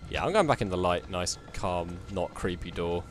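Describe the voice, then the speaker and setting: A man narrating his horror game playthrough. His pitch swings wildly between flat mutters and high yelps, and he swears at every scare. Faint game music plays behind him. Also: normal speed. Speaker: let's play gamer.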